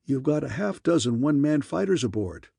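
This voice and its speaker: A man voicing a quick-thinking male officer who talks briskly and eagerly. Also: fairly high pitch, very animated, creaky, warm tone, slightly rough, no echo, studio quality, exaggerated voice.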